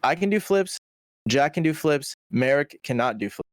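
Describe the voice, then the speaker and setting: A man's voice: fairly high pitch, expressive, moderate pace, dry recording, clean studio sound. A young man as a podcast guest, telling a story in a rambling, slangy, swearing style with many restarts. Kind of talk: casual storytelling chat.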